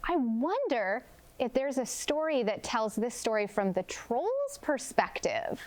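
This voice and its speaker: A woman kindergarten teacher leading a storybook lesson, talking slowly and clearly with a very lively, sing-song rise and fall. Her tone is gentle and expressive as she pauses to ask questions. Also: fairly high pitch.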